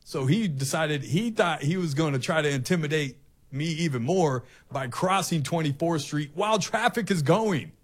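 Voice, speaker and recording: Middle-aged male talk host, animated storyteller who acts out the people in his story. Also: fairly high pitch, normal speed. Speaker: radio host.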